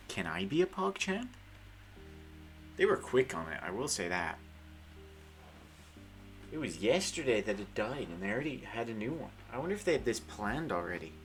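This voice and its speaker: Lively teasing male streamer. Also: lowish voice. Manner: teasing, swearing, breaks into laughter. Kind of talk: casual chat with a friend on stream. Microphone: headset earphones.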